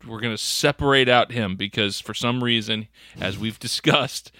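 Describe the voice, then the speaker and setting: A man co-hosting a podcast, joking about a movie with quick stammering restarts. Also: mid-range voice, sharp tone, no echo, clean studio sound. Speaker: podcast co-host. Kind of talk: casual film-review chat.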